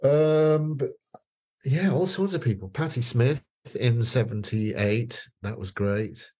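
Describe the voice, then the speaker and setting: A man's voice: mid-range voice, slow, a little mellow, slightly rough. A man, telling stories as a guest in a casual chat, rambling with many fillers and restarts. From northeast England.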